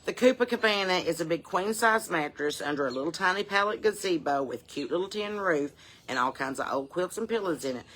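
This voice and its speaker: A woman chatting casually in a rambling vlog, salty and profane, telling stories in a down-home way and sometimes dropping to a soft murmur. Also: fairly low pitch, lively intonation, a little fast. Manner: drops to a soft murmur at times. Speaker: touring musician and vlogger.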